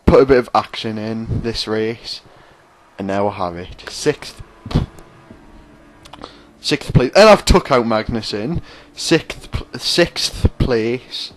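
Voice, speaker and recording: Man, racing game commentary, self-mocking, sarcastic, rambling, mid pitch. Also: measured pace. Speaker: gaming commentator.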